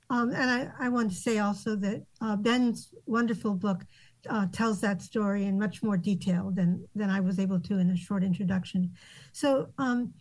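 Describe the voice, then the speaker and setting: A woman who grew up in Japan, a guest author answering interview questions thoughtfully, with many pauses and ums. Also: mid-range voice, a little mellow, poor audio.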